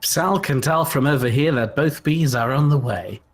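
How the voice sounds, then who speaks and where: A man's voice: mid-range voice, normal speed. A man joking and teasing his friends while playing a multiplayer game together. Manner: teasing, argumentative banter. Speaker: co-player. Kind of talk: casual multiplayer gameplay chat.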